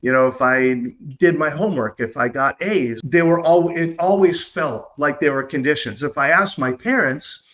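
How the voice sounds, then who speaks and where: A man with a slightly raised voice hosts his own podcast in an earnest, confiding tone. He sounds upbeat and sincere. He leans into slow, emphatic stretches when something matters to him. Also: a little high, a bit bright. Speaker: podcast host. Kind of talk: reflective solo podcast talk.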